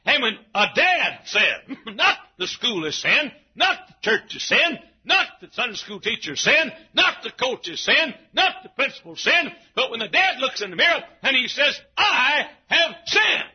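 A man preaching an emphatic sermon in a church, often shouting. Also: extremely high pitch, sing-song, normal speed. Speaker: pastor. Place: church sanctuary. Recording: dull, husky lo-fi church recording.

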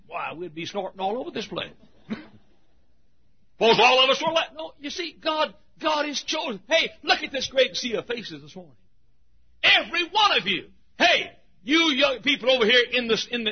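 A man preaching a sermon to his congregation, laughing often and shouting for emphasis. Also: very high-pitched, very animated, normal speed, husky. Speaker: pastor. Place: church. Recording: dull lo-fi sound.

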